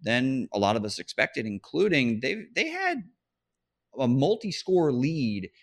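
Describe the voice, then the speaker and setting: A man's voice: medium pitch, huge pitch swings, a little slow. A man hosting a fantasy football podcast, talking casually and with animation, often restarting his sentences and laughing mid-phrase. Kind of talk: casual sports chat.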